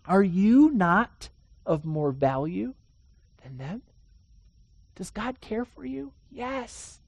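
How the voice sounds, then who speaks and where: A man preaching a sermon, telling stories earnestly, swinging between emphatic declarations and hushed, quiet passages. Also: high voice, sing-song, slow pace, vocal fry, no echo. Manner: earnest storytelling with emphatic rises and hushed drops.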